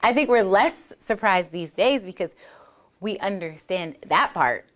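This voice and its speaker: A woman's voice: medium pitch, animated, measured pace, a bit bright. Earnest woman musing on self-talk. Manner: earnest and conversational, acts out inner voices, many restarts. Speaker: bodywork therapist and podcast host. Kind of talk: reflective solo talk.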